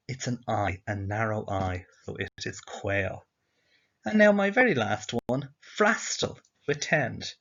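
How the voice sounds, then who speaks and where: A man's voice: mid-range voice, fairly bright tone, dull audio. A man teaching a recorded slideshow lesson, patiently asking questions and answering them himself. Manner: patient, asks and answers his own questions.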